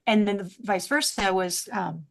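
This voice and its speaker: Woman vet guest, chatty and animated, acts out the voices in her stories. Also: mid-range voice, a little slow, creaky. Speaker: veterinarian guest. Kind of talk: casual podcast storytelling.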